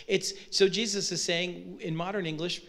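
A man with a notably high-pitched voice preaching a sermon, working through scripture verse by verse. He talks to the congregation in a conversational way, checking in with rhetorical questions as he explains. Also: steady tone, normal speed, creaky, fairly bright tone. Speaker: pastor.

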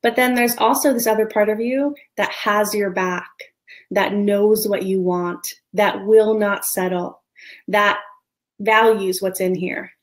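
A woman in her thirties, a love coach giving an earnest motivational talk, slowing down to stress key words. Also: mid-range voice, fairly even intonation.

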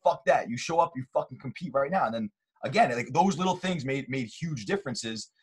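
A male football coach talks shop in a loose, casual conversation. He speaks quickly in a husky voice, and he is blunt and emphatic, swearing freely as he makes his points. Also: mid-range voice, lively intonation.

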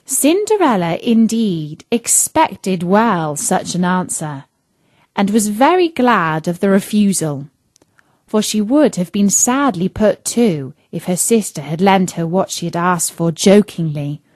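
A woman reading a classic fairy tale aloud for children, deliberate and expressive. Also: mid-range voice, dry recording. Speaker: storyteller.

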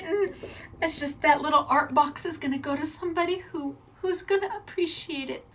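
A woman's voice: sits high, normal speed, fairly bright tone. A woman hosting a craft class, gushing with admiration over viewers' handmade projects.

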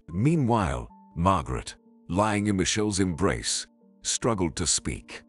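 A man's voice: sits low, sing-song, unhurried, slightly rough, soft background music. A man narrating a scripted drama story in a dramatic storytelling manner.

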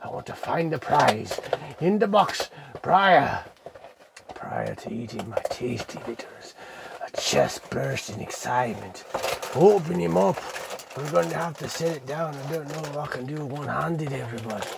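Gravelly, hamming showman man. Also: a little high, expressive, normal speed, noisy background. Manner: showman-like, addressing the audience as ladies and gentlemen; playful hamming with occasional mock-pirate phrasing. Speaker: toy and cereal reviewer. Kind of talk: theatrical unboxing vlog.

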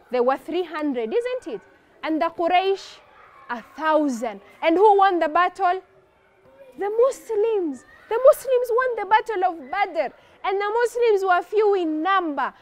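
A woman narrating a religious story for children in an animated way, often asking her listeners questions. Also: very high-pitched.

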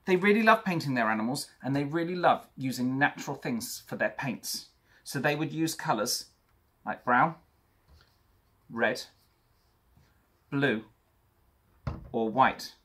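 A young man teaching an art lesson for children, chatty and talking straight to young viewers, with a husky voice. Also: medium pitch, lively intonation, unhurried, pauses often, a bit bright.

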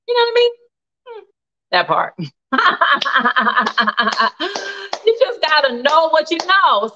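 Lively, playful woman cooking live. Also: mid-range voice. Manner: playful, chatty, exclaims loudly. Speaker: home cook live-streaming. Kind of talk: casual live cooking stream. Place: home kitchen. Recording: dull lo-fi stream audio.

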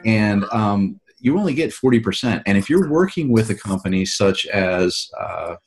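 A man's voice: fairly low pitch, lively intonation, normal speed, faint music behind. A man, an author and show host, talking casually in an interview and explaining at length with frequent restarts.

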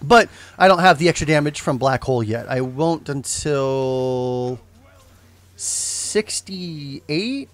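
Speaking slowly but animatedly in a medium pitch, a young man chats about the game on his stream. His talk meanders, he often corrects himself, and he drops in jokes.

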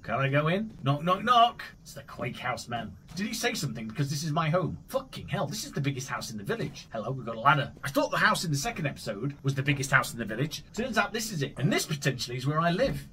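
A man hosting a let's play, giving jokey, excitable commentary full of swearing. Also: a little high, fast talker, hardly any pauses, a little hiss or hum. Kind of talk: gameplay commentary.

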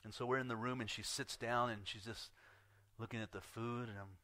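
A man's voice: medium pitch, steady tone, brisk, bright, forceful tone, no room sound. Man preaching a sermon, dry close sound. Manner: storytelling, acts out dialogue, laughs often. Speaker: pastor.

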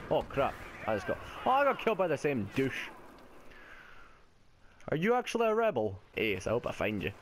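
A young man doing live gameplay commentary from a home gaming setup on a headset mic. His talk is excitable and sweary, and he often laughs at himself. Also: on the high side, moderate pace, slight background noise. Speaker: gaming YouTuber.

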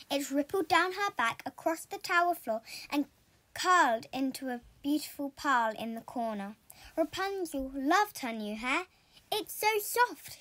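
Storyteller: woman, high voice, slow and expressive picture-book reading. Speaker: storybook reader.

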